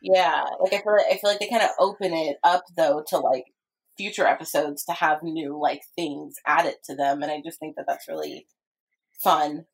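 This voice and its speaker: A woman's voice: deep voice, fairly even intonation, normal speed, vocal fry, breathy edge. A woman co-hosting a casual podcast, chatting and laughing as she talks through a cartoon episode, with lots of "like" fillers. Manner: chatty, giggly, full of "like" fillers. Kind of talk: casual chat.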